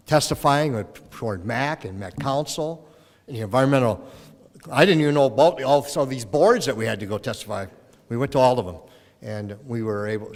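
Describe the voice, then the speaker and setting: Middle-aged mayor from minnesota, folksy farewell speech, chamber echo trailing off. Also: male voice, medium pitch. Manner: folksy storytelling, acts out voices in anecdotes. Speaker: retiring mayor. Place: council chamber in city hall. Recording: long reverb of a council chamber.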